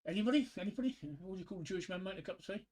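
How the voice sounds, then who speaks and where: Hombre británico titubeante contando chistes. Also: male voice, high-pitched, animated, a little mellow. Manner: halting, with many repeated words and fillers. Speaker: livestreamer. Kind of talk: casual joke-telling on a livestream.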